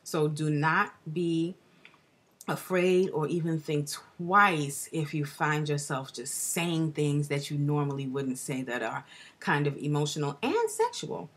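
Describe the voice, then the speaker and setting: A woman talking excitedly in a casual astrology vlog, rambling with restarts and dropping into breathy whispered asides. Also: low voice, a little slow. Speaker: astrology vlogger.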